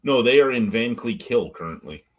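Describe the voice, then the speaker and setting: A man's voice: medium pitch, animated, moderate pace. A middle-aged man from the Ottawa Valley, hosting a casual live-stream chat and telling blunt, profane stories with frequent laughs. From Ottawa Valley, Canada. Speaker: podcast host.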